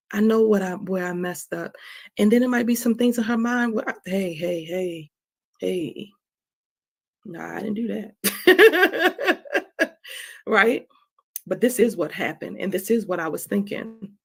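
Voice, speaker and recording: This woman has a medium-pitched, slightly mellow voice with a breathy edge. She's hosting her own stream and sharing personal, emotional thoughts on forgiveness in a frank, confessional manner, with repeated phrases, frequent "right?", and the odd swear word.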